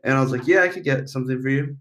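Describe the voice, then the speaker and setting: A man's voice: medium pitch, very fast, fairly bright tone. A man on a podcast telling blunt, profane stories in casual chat.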